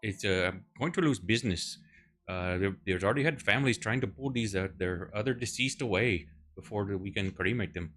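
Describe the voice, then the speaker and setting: A man's voice: on the low side, a little fast, fairly bright tone, close to an everyday voice. A man voicing a nervous male cremation-ground keeper in a put-on Cockney accent, stammering and pleading. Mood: anxious.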